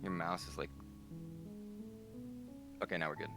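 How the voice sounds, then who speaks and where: A man's voice: low-pitched, steady tone, measured pace, vocal fry. A man chatting along with a friend's game stream, laid-back, swearing freely and giving tips. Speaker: guest friend on call. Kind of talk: casual gaming chat. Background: game music.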